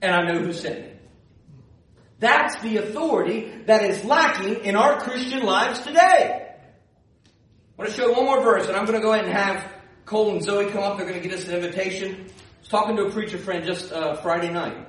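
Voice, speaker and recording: A man's voice: high voice, normal speed, fairly bright tone. A male pastor preaching a sermon, telling stories and building to emphatic repeated calls. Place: church sanctuary. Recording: echoey church hall, distant mic.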